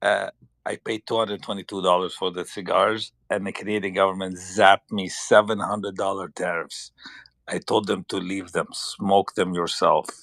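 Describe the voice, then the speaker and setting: A man's voice: sits low, level tone, moderate pace, vocal fry, fairly bright tone, no echo. A man with a Lebanese accent telling a story in a hesitant, casual way, stopping often to search for words.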